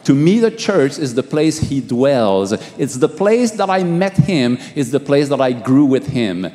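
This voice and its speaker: A middle-aged man, a pastor, giving a halting testimony sermon, repeating words and swinging from hushed to raised. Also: medium pitch, big pitch swings. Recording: long hall reverb.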